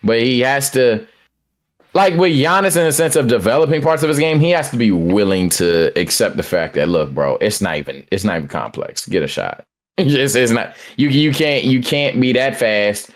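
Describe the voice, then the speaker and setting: Animated stammering male podcast host. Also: mid-range voice, moderate pace. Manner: animated, stammering restarts, slangy. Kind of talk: casual sports chat. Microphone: headset.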